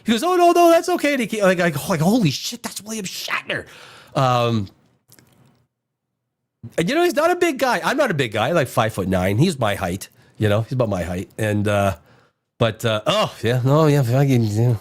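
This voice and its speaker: A man's voice: mid-range voice, very animated, normal speed. A middle-aged man hosting a casual talk show, rambling, restarting his sentences and swearing casually. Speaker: podcast host. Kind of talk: casual chat.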